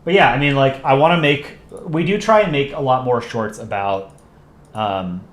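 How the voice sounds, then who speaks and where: A man's voice: medium pitch, normal speed, echoey room. A young American man hosting a casual livestream, rambling as he reads out viewer comments. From United States. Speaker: channel host on a livestream.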